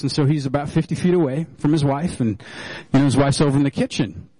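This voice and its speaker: A man's voice: fairly high pitch, quick pace, darkish tone, breathy edge, no echo, rough recording. A male pastor preaching a sermon in a loose, joking storytelling way, with many fillers and restarts.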